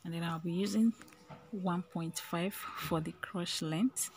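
A woman's voice: lowish voice, slow, a little mellow, slight background noise. A woman giving a casual step-by-step sewing tutorial, chatty and often checking in with "okay?", her voice breaking into a whisper at times.

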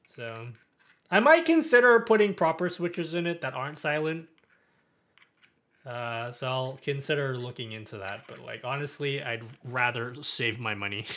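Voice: medium pitch, a bit bright. A livestreamer chatting casually on stream while showing off a build, rambling and self-mocking, laughing often. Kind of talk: casual live stream chat.

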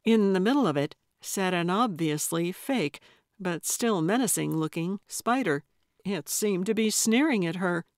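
A woman narrating a cozy mystery audiobook in measured, even storytelling on a close studio mic. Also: fairly low pitch, dry recording. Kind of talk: scripted narration.

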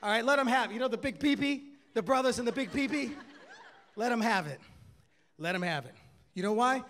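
A man doing stand-up comedy on a club stage, brash and profane with loud bursts. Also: very high-pitched, lively intonation, a little fast. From Mexican-American. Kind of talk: stand-up set. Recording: live club recording with hall echo and crowd noise. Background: crowd laughter.

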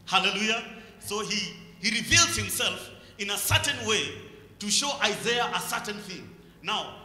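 Animated Kenyan preacher in an echoey hall. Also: male voice, high voice. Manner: animated, mixes English with Swahili asides. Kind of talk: sermon. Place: large church hall.

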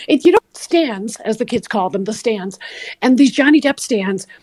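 A woman in her sixties talking as a comedian guest. Her voice sits fairly high. She delivers sharp, sarcastic gossip in a chatty, catty way. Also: expressive, normal speed. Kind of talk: podcast interview.

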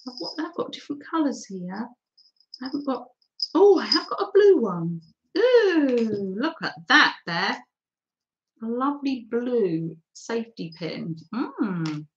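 A woman with a fairly high, lively sing-song voice hosts a live craft session at an unhurried pace. She chats and thinks aloud while she paints, and she thanks viewers for their comments. The audio is dull and lo-fi. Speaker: craft livestream host. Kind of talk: live mixed-media art demo.

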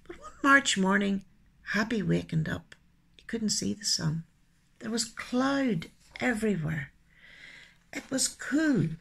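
A woman telling stories to children, her voice husky and strongly gravelly. She swings her pitch widely, lingers on lines and sometimes drops into hushed asides. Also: slow. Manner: expressive, with soft hushed asides. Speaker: storyteller and poet. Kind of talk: children's storytelling.

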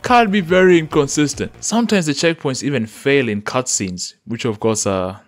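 A man giving excitable, swearing commentary over gameplay and reviewing the game. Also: medium pitch, normal speed, soft background music. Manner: loud excitable outbursts, swearing. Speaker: gaming YouTuber.

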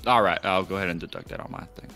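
A man playing a tabletop role-play game in character, talking haltingly with many fillers and frequent laughs. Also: low-pitched, bright, forceful tone, faint music behind. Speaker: player.

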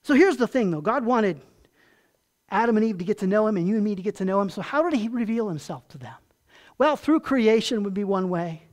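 A pastor preaching a sermon in a folksy, conversational way, asking the congregation questions and dropping soft and low on tender points. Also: lively intonation, fairly quick.

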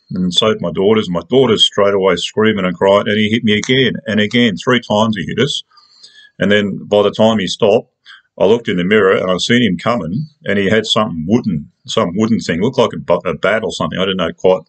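Low-voiced Australian man telling a story. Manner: rambling, colloquial, with many restarts. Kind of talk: casual personal storytelling.

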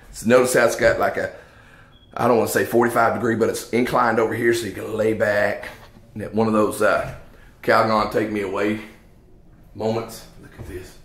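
A man giving an excited, salesy walkthrough tour of a house, exclaiming over its features as he moves from room to room. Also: fairly low pitch. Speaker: home salesman. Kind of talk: enthusiastic home walkthrough tour. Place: inside an empty house, room to room. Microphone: handheld 360 camera. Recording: echoey empty rooms, faint noise.

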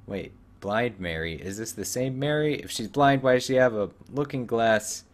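A man's voice: medium pitch, normal speed, few pauses. A man streaming a video game, making casual, sarcastic commentary with joking asides. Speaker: gaming streamer.

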